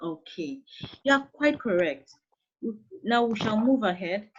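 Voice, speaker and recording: A woman's voice: a little high, expressive, measured pace, creaky, slight background noise. Nigerian woman teaching an online class. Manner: patient, coaxing, calls on students by name. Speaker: secondary school English teacher. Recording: dull lo-fi online call audio.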